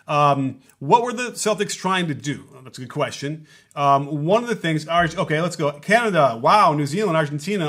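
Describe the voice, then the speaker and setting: A somewhat high-voiced man breaks down a basketball game live from his home. He rambles and thinks aloud, restarting sentences and scattering ums as he talks through plays and greets viewers in a casual stream. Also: fairly bright tone. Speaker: basketball analyst hosting a live post-game show. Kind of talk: live-stream post-game analysis, reading viewer super chats. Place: home setup in Los Angeles.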